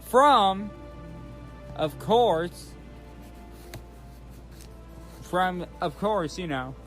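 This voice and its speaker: A man with a rather high voice talks unhurriedly through a casual recap. He rambles, restarts phrases and keeps saying "of course". Soft music plays faintly behind him. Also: animated, drawn-out words. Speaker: channel host recapping a trailer.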